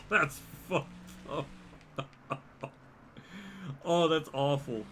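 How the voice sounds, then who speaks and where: This young streamer talks slowly with long pauses in a mid-range, fairly bright voice. He narrates a racing game and jokes around with his chat, laughing often in a relaxed way, while game sounds play faintly behind him.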